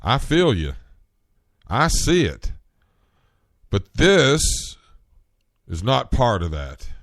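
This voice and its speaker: A man hosting a solo podcast, talking in an earnest, rambling way, getting worked up and rising in pitch at times. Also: huge pitch swings, drawn-out words, a bit bright, no room sound, clean studio sound. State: coughing, clearing throat. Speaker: podcast host.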